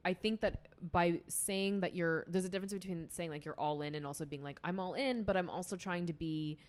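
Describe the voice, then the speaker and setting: A young woman, a music student, chats casually as a guest on a podcast, rambling with plenty of fillers and restarts. Her voice is on the low side and fairly quick.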